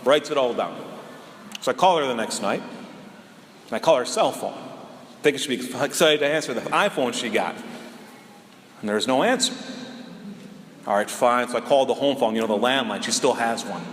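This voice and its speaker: A man's voice: medium pitch, lively intonation, moderate pace, pauses often, fairly bright tone. A male priest from Minnesota telling a light, self-mocking story during a homily. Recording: echoey hall with faint noise.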